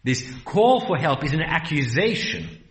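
Man, preacher, sermon, earnest rhetorical delivery, animated pitch, roomy echo. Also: a little slow. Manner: earnest, rhetorical, varies pace for emphasis.

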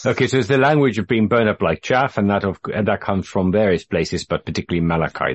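Low, husky male Bible teacher. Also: dull audio. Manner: measured, patient, with frequent fillers and restarts. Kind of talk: group Bible study discussion.

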